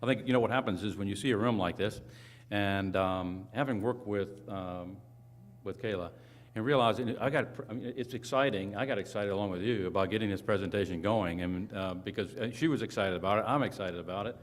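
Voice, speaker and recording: A man's voice: fairly low pitch, brisk. Apologetic man introducing speakers. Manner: apologetic, self-deprecating, fumbling. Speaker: moderator.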